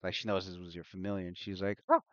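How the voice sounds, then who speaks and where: A man narrating as game master of a tabletop game on a livestream, talking in a halting way with frequent restarts. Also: deep voice, level tone, no room sound, highs cut off. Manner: halting, full of fillers and restarts.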